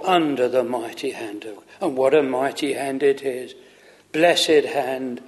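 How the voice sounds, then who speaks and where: A man preaching a sermon from the pulpit, slow and earnest, stretching out words for emphasis. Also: on the high side, a little mellow, long reverb tail. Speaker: pastor. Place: chapel.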